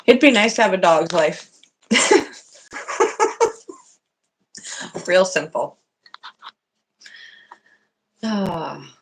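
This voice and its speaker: Man, slow-paced, gravelly, husky, deferential questions, lo-fi stream audio. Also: high-pitched, big pitch swings, a bit bright. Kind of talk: casual Q&A.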